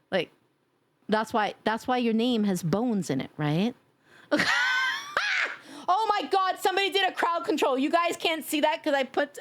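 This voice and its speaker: A woman streaming live in a casual, playful chat, teasing her viewers and laughing loudly. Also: no echo. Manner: drops to a low sultry tease at times.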